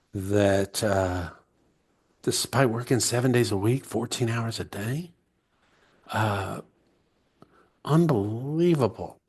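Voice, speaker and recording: Gravelly low-voiced American man, heartfelt. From United States. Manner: heartfelt, emotional, slow and searching. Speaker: guest author and speaker. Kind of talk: reflective interview storytelling.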